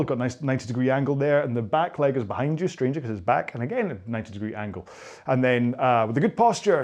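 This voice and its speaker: A man's voice: mid-range voice, a little mellow. A Scottish man, around his forties, leading a follow-along stretching session as a rowing instructor, talking in a jokey, rambling, self-deprecating way. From Scotland.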